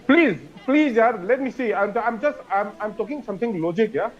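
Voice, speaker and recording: A man's voice: high voice, animated, normal speed, lo-fi sound. A man, a colonel on a news debate panel, insistent and repetitive, pushing his point over others. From Manipur. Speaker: retired army colonel, panelist.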